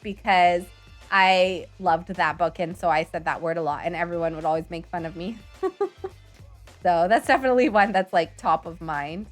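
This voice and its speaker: A woman's voice: on the low side, normal speed, soft background music. A young woman streaming a life-simulation game, who grew up speaking French and English, chatting with viewers in a bubbly, giggly way. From grew up bilingual in French and English. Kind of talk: casual live-stream chat over gameplay.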